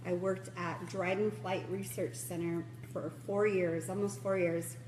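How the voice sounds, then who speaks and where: A woman's voice: on the low side, little pitch movement, unhurried, darkish tone, reverberant, slight background noise, poor audio. A woman being interviewed about her old job, talking casually and laughing easily. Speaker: interview guest, former space-agency employee.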